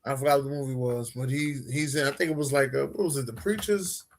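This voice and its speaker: A man's voice: medium pitch, fast talker. A man co-hosting a podcast in casual chat, joking around and trailing off mid-thought. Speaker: podcast co-host.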